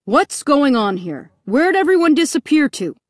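A woman voicing a frustrated father who speaks in loud, insistent outbursts. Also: medium pitch, sing-song, a little slow, vocal fry, dry recording, studio quality. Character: agitated father, frustrated and demanding.

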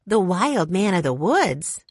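A woman's voice: on the low side, very animated, slow pace, husky, dry recording, studio quality, heavily acted. A woman reading an audiobook voices a timid young girl who is easily startled. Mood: alarmed. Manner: soft, timid.

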